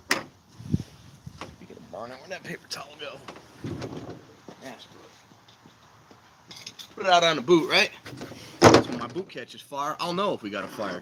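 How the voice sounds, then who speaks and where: A man's voice: mid-range voice, very noisy. A man hosting a casual livestream outdoors by a fire pit, rambling and joking with his viewers. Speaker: livestream host.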